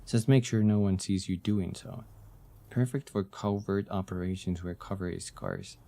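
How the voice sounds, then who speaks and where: Gravelly dark-voiced man streaming a game. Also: sits low, moderate pace. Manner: excitable, reads game text aloud. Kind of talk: casual gameplay commentary.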